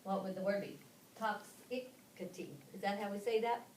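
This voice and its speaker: A woman's voice: mid-range voice, level tone, quick pace, a little mellow. A woman leading a phonics lesson for teachers, patient and questioning as she walks through each step. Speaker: teacher trainer. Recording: echoey room from far off, background noise.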